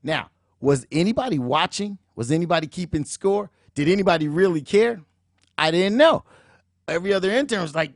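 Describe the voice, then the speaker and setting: A middle-aged man hosting a show, telling a motivational story in an animated, emphatic way and acting out the dialogue. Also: high voice, brisk, no echo, studio quality. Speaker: show host, motivational speaker.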